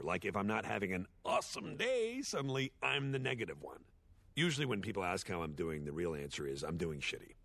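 A man voicing a washed-up male horse sitcom star, giving a rambling, sardonic, self-deprecating eulogy in an animated series. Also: mid-range voice, creaky, no echo, exaggerated voice. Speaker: eulogy speaker. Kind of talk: animated series dialogue, comic monologue.

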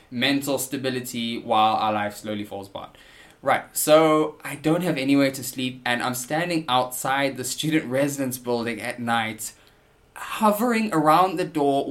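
A man of average pitch tells a personal story on his podcast, casual and self-deprecating, slipping jokes in with quick restarts. Faint music sits quietly behind his voice. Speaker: podcast host.

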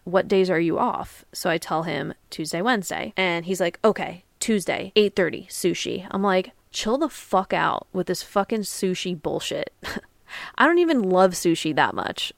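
Young woman podcast host, lowish voice, blunt and profane, dry close mic. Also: no echo. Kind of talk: casual storytelling monologue.

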